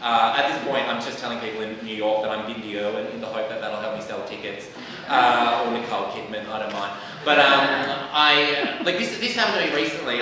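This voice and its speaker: A man's voice: mid-range voice, fairly quick, background noise. A young Australian man doing stand-up, telling self-mocking stories with lots of ums and a sassy edge, live on a theatre stage. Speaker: stand-up comedian. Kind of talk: stand-up storytelling. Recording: echoey hall, mic from far off.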